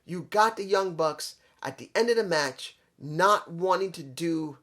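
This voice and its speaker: A man's voice: sits high, animated, a little slow, bright, forceful tone. A man reviewing a wrestling show in a casual vlog, rambling, repeating himself and talking straight to his viewers.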